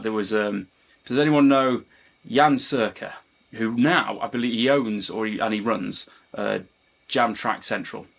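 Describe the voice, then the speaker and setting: A man's voice: mid-range voice, vocal fry, fairly bright tone, husky. A man, a guitar teacher and channel host, chatting casually to camera, wandering off topic and apologising for it. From Britain. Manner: digressive, self-deprecating, often apologises for rambling. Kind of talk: rambling casual chat to camera.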